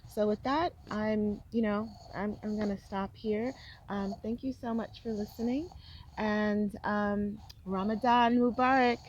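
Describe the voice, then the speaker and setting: A woman's voice: mid-range voice, fairly even intonation, measured pace, dull audio, a little hiss or hum. A middle-aged woman from New York telling a personal story in a casual, chatty way, with lots of fillers and restarts. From New York City. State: tearful while retelling. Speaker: vlogger.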